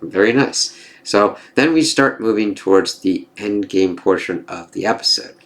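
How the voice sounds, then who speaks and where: A man's voice: on the low side, moderate pace, a bit bright. A man casually reviewing a TV episode, rambling and swearing, with lots of fillers and acted-out quotes.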